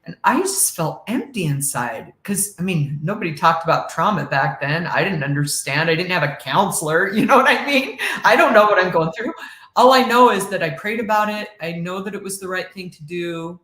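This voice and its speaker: A middle-aged woman telling her own story in an earnest, halting way, with quick laughs between lines. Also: fairly low pitch, a bit bright. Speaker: podcast guest. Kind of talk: emotional personal storytelling. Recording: roomy echo.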